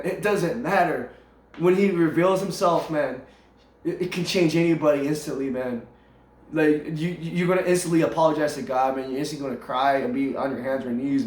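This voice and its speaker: A man in a casual spoken testimony, talking earnestly. He ends almost every phrase with "man", repeats his words and laughs often. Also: on the high side. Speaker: storyteller sharing his faith. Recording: echoey room with faint music.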